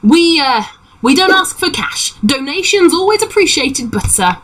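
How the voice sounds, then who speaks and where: A woman doing an excitable high halfling pirate. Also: normal speed, poor audio. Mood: wheedling. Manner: eager, theatrical, hops between high exclamations.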